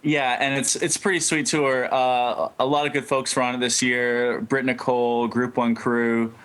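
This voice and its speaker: A man of middle pitch tells a story over a video call in a loose, rambling way. He trails into fillers and chuckles mid-sentence as a relaxed interview guest. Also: normal speed, clear, resonant tone. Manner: laid-back, rambling, laughs mid-story. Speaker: band member guest.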